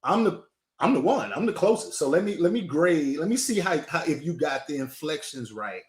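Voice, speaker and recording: A man's voice: fairly high pitch, lively intonation, moderate pace, reverberant, crowd noise. A man who is a city council candidate, joining an interview by video call and talking in a playful, hyping way that repeats phrases. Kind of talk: casual interview chat.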